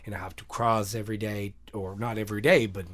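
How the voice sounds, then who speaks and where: A young man with a Mexican Spanish accent, speaking English as a second language, telling stories in a casual interview, halting and repeating words. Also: on the low side, steady tone, a crowd in the background. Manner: halting, repeats words, non-native grammar. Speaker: guest musician.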